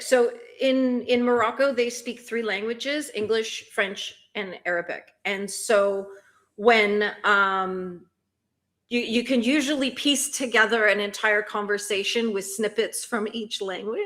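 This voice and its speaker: A chatty woman hosting a relaxed livestream, talking to her viewers in a slightly high voice. She laughs often and fires off curious questions as she reads their comments. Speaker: livestream host. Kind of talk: casual chat reading viewer comments.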